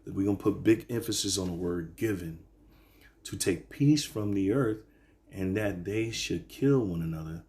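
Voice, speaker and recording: A man teaching from the Bible in a casual, halting way, reading verses slowly and filling pauses with "all right" and "okay". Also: sits low, dark tone. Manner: reads verses slowly then explains. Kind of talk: informal scripture teaching.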